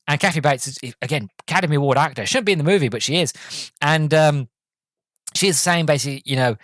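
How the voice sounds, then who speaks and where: A man's voice: a little high, brisk, a bit bright, no echo, clean studio sound. A man hosting a podcast, recapping a movie in a rambling, enthusiastic way. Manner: rambling, enthusiastic, many restarts. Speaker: podcast host. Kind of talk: casual movie review.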